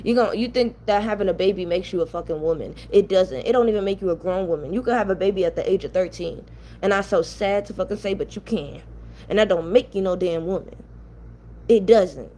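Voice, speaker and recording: A woman's voice: mid-range voice, fairly quick, dark tone, slight background noise. Heated, blunt young New woman. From New York. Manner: blunt, ranting, profane. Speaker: commentary channel host. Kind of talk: heated casual commentary.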